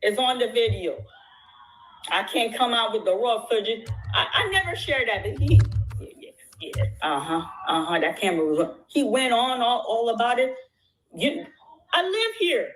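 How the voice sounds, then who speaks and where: Emphatic woman repeating herself, fairly high. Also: big pitch swings, normal speed, a little hiss or hum, poor audio. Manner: emphatic, repeats phrases over and over; rambling, restarts sentences. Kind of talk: impassioned casual talk. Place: out at dinner with supporters.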